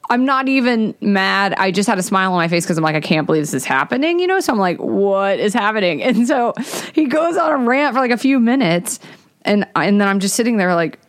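A woman's voice: mid-range voice, no room sound, studio quality. A woman comedian chatting casually, telling a story and acting out the voices in it. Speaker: comedian guest.

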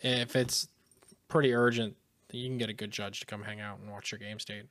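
A man's voice: fairly low pitch, fairly even intonation, moderate pace, fairly bright tone. A man co-hosting a podcast in casual chat, chiming in with short reactions and teasing questions. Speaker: podcast co-host.

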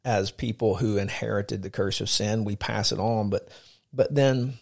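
A man's voice: on the low side, fairly even intonation, moderate pace, creaky, darkish tone. A man co-hosting a podcast, mixing casual chat with earnest faith teaching, with frequent fillers. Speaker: podcast co-host.

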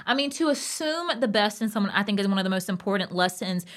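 A woman co-hosts a relaxed podcast conversation. She talks in an emphatic, passionate way, animated as she tells a story. Her voice sits at a medium pitch. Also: fast. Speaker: podcast co-host. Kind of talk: casual podcast chat.

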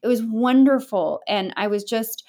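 As a guest on a podcast, a woman tells a story earnestly in a candid interview, rambling with restarts, filler words and casual swearing. Her voice is a little high and mellow, at a normal speed.

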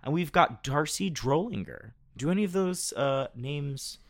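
A man's voice: a little high, expressive, measured pace. A man hosting a casual chat, reading out lists of nominees and laughing often. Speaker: host.

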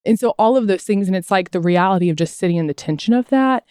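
A woman's voice: medium pitch, expressive, fast, a little mellow, smooth, no room sound, studio quality. A woman co-hosting a podcast, talking in a heartfelt, meandering way and leaning often on filler words. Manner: heartfelt, rambling with frequent "like". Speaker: podcast co-host. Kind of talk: conversational interview.

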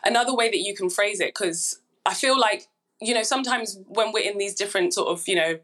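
A woman's voice: medium pitch, brisk, fairly bright tone. Reflective woman with slightly hazy voice. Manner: reflective, speaks in repeated phrases. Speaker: podcast guest. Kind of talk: casual chat.

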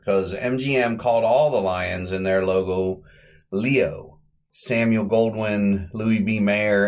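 A man hosting a podcast, chatting casually through an old comedy short in a rambling way and correcting himself as he goes. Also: lowish voice. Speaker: podcast host. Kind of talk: casual podcast film recap.

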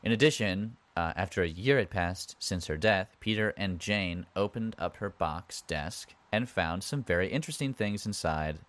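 A man's voice: deep voice, expressive, normal speed, hardly any pauses, fairly bright tone. A man hosting a podcast, retelling history in a casual way with wry asides and conversational comments. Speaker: podcast host.

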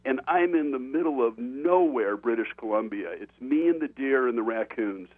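A man, an author and guest, telling a casual anecdote in an animated, conversational way. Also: mid-range voice, normal speed, breathy edge, no room sound. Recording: dry tinny phone line.

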